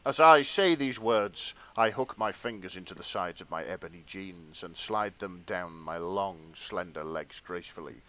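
A man's voice: low voice, normal speed, few pauses, a bit bright, slight background noise. A male podcast co-host doing a comedic dramatic reading of fanfiction, often breaking into laughter.

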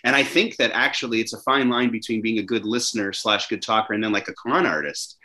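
A man from Canada hosting a talk show, chatting in a lively way with frequent restarts. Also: lowish voice, fast. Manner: animated, chatty, many restarts. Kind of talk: casual conversation.

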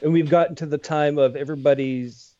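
A man's voice: a little high, fairly even intonation, brisk, dull audio, crowd noise. A man hosting a casual podcast chat, asking loose questions and swearing easily. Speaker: podcast host.

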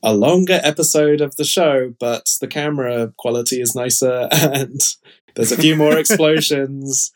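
A man talking casually on a podcast, rambling along with lots of fillers and restarts. His voice sits at an ordinary middle pitch for a man. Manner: chatty, rambling, frequent fillers. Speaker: podcast co-host. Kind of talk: casual chat.

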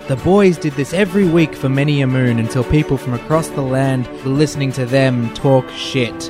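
Man telling a slow mock fairy tale over loud music. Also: mid-range voice. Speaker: podcast co-host. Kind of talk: storybook narration intro over music.

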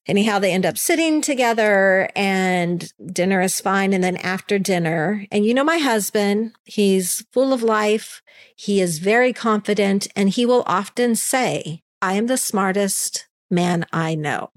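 A woman co-hosting a podcast, telling a story in casual chat and quoting the people in it with animated voices. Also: mid-range voice, measured pace. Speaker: podcast co-host.

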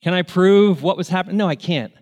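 A man with a high voice preaches, telling stories in an earnest, heartfelt way. He keeps a sermon's conversational storytelling tone. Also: a little fast, a little mellow. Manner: earnest, emotional, tearful at moments. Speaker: pastor.

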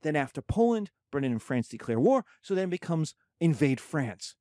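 A man explaining history in a lively, conversational lecture with quick spoken asides. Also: a little high, no room sound, studio quality.

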